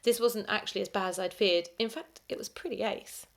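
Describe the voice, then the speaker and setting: A woman primary school teacher reading a story aloud to children, expressive and dropping into whispers for the asides. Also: medium pitch, fairly quick, gravelly.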